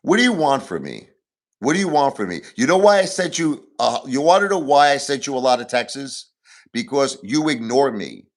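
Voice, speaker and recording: A man's voice: mid-range voice, sing-song, moderate pace. Agitated man ranting on a livestream. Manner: agitated, repetitive, venting grievances. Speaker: livestream host. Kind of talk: emotional livestream rant.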